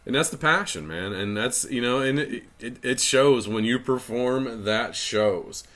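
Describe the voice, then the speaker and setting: Ein Mann mittleren Alters aus dem Nordosten Ohios führt locker und gesprächig durch ein Interview. Er streut gern kleine Scherze ein und hält den Ton entspannt. Seine Stimme liegt in mittlerer Höhe. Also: male voice, mid-range voice, unhurried. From Northeast Ohio, United States. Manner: relaxed, chatty, jokey. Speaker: interview host. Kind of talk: casual interview chat.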